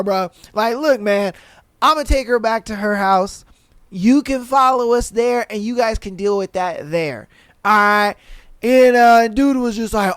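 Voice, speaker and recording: A man hosting a podcast, telling a story in casual slangy talk, animated, laughing and swearing. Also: very high voice, moderate pace, smooth, dry recording, studio quality. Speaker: podcast host. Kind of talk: casual storytelling and reading listener posts.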